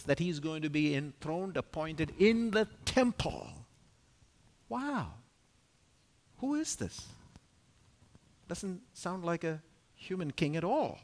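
A man giving an expository Bible teaching at a conference, emphatic and full of rhetorical questions, his loudness rising and falling sharply. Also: on the high side. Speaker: conference speaker teaching scripture. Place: conference venue.

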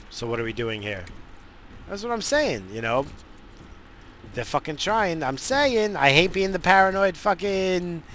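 Speaking in a mid-range, slightly bright voice over faint background noise, an American radio host vents from his car. The rant is casual, profane, meandering and heated.

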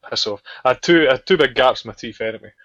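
A man's voice: mid-range voice, a little fast, fairly bright tone, no echo. A Scottish man hosting a casual podcast, steering the talk and teasing his friends. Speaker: podcast host. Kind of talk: casual chat. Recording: dull lo-fi podcast audio.

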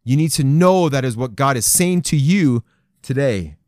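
A man's voice: mid-range voice, lively intonation, moderate pace, darkish tone, no echo, studio quality. A man preaching on a podcast to other men, reading scripture and repeating its promises with fervent, building emphasis. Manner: fervent, repetitive, rising emphasis on quoted promises.

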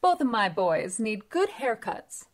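A woman's voice: mid-range voice, expressive. A woman voicing an annoyed mother of two teenage sons, speaking firmly and scolding them in a storybook reading. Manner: firm, scolding, slow.

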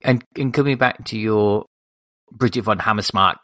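Man cohost, low voice, dry close sound, rambly explaining. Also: moderate pace, fairly bright tone, no room sound. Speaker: podcast co-host. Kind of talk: casual chat.

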